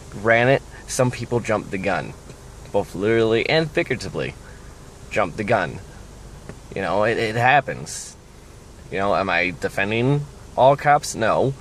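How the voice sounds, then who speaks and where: A man's voice: on the low side, slight background noise. A young man from the United States ranting casually in a vlog, rambling and sardonic, often trailing off. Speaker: vlogger.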